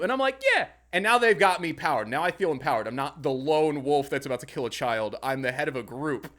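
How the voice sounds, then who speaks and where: Talking briskly with hardly any pauses, a young male podcast co-host spins a story in loose conversation. His voice sits somewhat high for a man, and he swears freely while animatedly reenacting his angry outbursts.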